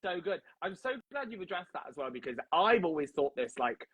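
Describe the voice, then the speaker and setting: A chatty, gushing man with a husky voice, rambling warmly through fillers. The sound is dry and close, with no room around it. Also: high-pitched, big pitch swings, a little fast, no room sound, low-quality recording. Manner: chatty, gushing, full of fillers like "like" and "do you know what I mean". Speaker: guest. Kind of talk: casual live chat.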